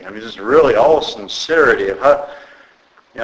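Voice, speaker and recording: A man's voice: medium pitch, animated, rough recording. A male pastor preaching a sermon in an earnest, conversational way, often restarting his phrases. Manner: earnest, halting with repeated restarts.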